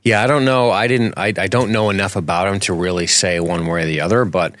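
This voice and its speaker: Deep-voiced man in casual podcast banter. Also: steady tone, quick pace, fairly bright tone, no room sound. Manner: rambling, profane, jokey. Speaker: podcast co-host. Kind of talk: casual film podcast chat.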